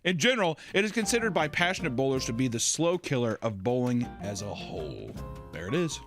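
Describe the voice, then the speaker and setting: A man hosting casual commentary, animated and swearing, breaking into shouted impressions. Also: mid-range voice, brisk, soft background music. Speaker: co-host.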